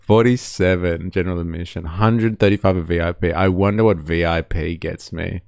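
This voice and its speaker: Gravelly man mocking clips live. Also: sits low, fairly even intonation, moderate pace, a little mellow, no room sound, studio quality. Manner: laughing, sarcastic asides to chat. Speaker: live stream host. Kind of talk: casual reaction commentary.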